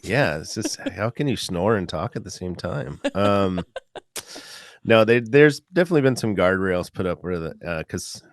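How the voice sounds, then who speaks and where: Low-voiced rambling comedian man. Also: animated, moderate pace, dry recording. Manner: rambling, lots of filler words. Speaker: comedian guest. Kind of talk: casual podcast chat.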